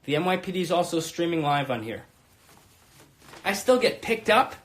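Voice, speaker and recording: A man in his thirties hosting a comedy live stream from his room, brash, crude and rambling, swinging between shouting and muttering. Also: a little high, sing-song, moderate pace. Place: home room.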